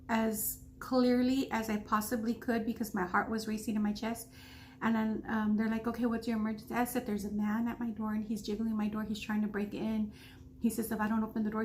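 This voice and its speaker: A woman's voice: a little high, a little hiss or hum. A woman vlogger earnestly retelling a frightening night, acting out the dialogue with many restarts. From Texas. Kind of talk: storytime vlog.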